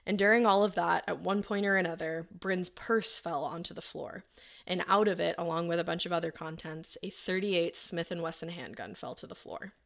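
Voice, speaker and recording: A woman with a lowish voice and a gravelly edge walks a co-host through a true crime case. She talks casually, quoting the people involved in her own everyday voice. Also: moderate pace, a bit bright. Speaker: podcast co-host telling the case.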